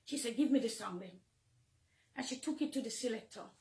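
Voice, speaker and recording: A middle-aged woman with a Jamaican accent, a minister giving an emotional, confessional testimony from the pulpit, moving between hushed and fervent. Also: fairly high pitch, fairly quick, echoey room. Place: church, near the pulpit.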